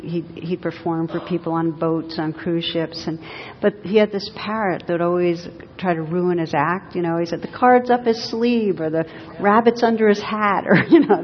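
Low-voiced woman giving a gentle talk. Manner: gentle storytelling with light laughter. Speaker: meditation teacher. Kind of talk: dharma talk. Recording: dull lo-fi recording in an echoey hall with faint rumble.

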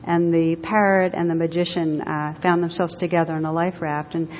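Low-voiced woman giving a gentle talk. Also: flat delivery, moderate pace. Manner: gentle storytelling with light laughter. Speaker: meditation teacher. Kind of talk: dharma talk. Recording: dull lo-fi recording in an echoey hall with faint rumble.

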